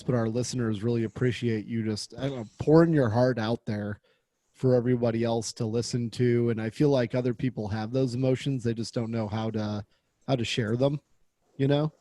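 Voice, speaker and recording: A man's voice: medium pitch, steady tone, fairly quick, dark tone, no echo. A man co-hosting a podcast, talking earnestly and a bit hesitantly. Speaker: podcast co-host. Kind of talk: casual interview chat.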